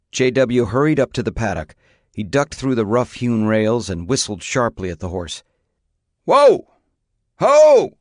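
A man narrating an audiobook in a measured, even reading voice. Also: lowish voice, no echo, studio quality.

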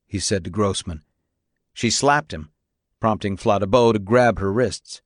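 Guy reading an audiobook, deepish voice, steady, dry close sound. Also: a little slow, no room sound. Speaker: narrator. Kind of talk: audiobook narration.

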